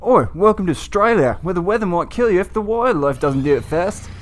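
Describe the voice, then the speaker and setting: A man voicing a brash Australian bloke in a loud, mocking, exaggerated way. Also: high voice, animated, brisk, voice pushed up.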